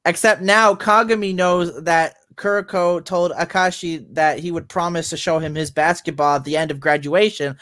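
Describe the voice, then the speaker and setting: A man with a somewhat higher voice chimes in on a casual podcast, cutting in to correct his co-host and tease him. His remarks are short and playful. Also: fairly even intonation, normal speed, few pauses, a bit bright. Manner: teasing, interjecting corrections. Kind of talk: casual chat.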